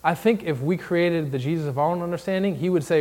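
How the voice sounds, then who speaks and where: A man's voice: on the high side, fast, hardly any pauses, darkish tone. A man with a Southern accent preaching a sermon as a candidate for pastor, building his points into emphatic lists.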